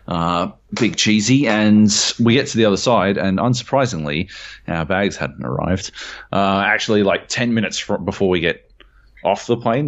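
A man, co-hosting a podcast, telling a travel story in an animated way and swearing often while jet lagged. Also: low voice. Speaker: podcast co-host. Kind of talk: casual chat. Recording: dull lo-fi audio.

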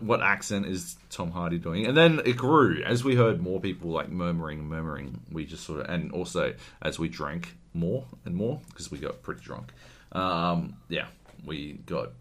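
A deep-voiced man co-hosting a casual podcast. His pitch swings widely as he rants, laughing and swearing freely. He talks in loose, animated bursts. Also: normal speed. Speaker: podcast co-host. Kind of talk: casual chat.

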